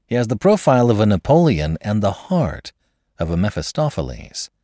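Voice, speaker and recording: A man's voice: fairly low pitch, sing-song, moderate pace, mellow, no room sound, studio quality. A man voicing a sly, teasing young officer in a spoken story, light and insinuating.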